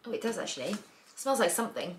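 A woman's voice: mid-range voice, big pitch swings, very fast, slight background noise. A British woman in her thirties, chatting playfully as she unboxes beauty products. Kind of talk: casual chat.

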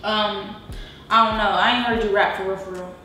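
A woman with a bright, clear tone gives short, teasing replies while reacting to videos. The sound rings out in a very echoey room. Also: fairly even intonation, moderate pace, a little hiss or hum. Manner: teasing, low-key replies. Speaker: co-host girlfriend. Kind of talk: casual reaction chat.

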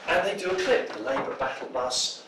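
Lively, animated man telling stories to a room. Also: medium pitch, fairly quick, background noise. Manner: jokey storyteller, acts out quoted voices. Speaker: political speaker. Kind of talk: anecdotal public talk. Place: pub function room with an audience. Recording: roomy, distant mic, faint ambience.

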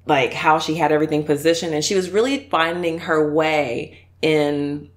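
A woman's voice: low voice, steady tone, normal speed. A woman mukbang YouTuber chatting casually and effusively while reacting to video clips, laughing often.

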